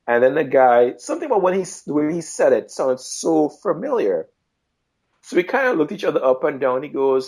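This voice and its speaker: A man's voice: on the high side, fast. Guy on a podcast, chatty, does the voices of people he met. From Trinidad and Tobago. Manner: animated, acts out quoted voices. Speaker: guest. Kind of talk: casual storytelling chat.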